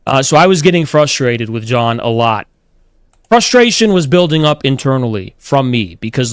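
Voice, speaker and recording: A man's voice: medium pitch, sing-song, brisk, smooth, dry recording. A man streaming, telling a long story in a blunt, profane manner and quoting others mockingly. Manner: blunt, swears a lot, quotes others mockingly. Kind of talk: casual storytelling.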